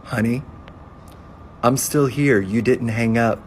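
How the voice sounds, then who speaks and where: Man doing a husband, calm, flat, measured. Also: medium pitch, a little hiss or hum, voice pushed up, natural voice. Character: calm, quietly hurt husband.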